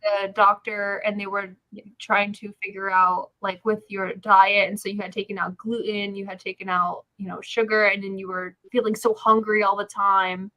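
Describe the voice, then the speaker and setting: Bright-voiced woman co-host, dry close sound. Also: medium pitch, little pitch movement, normal speed, dry recording, rough recording. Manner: warm, earnest sympathy. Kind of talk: casual live show chat.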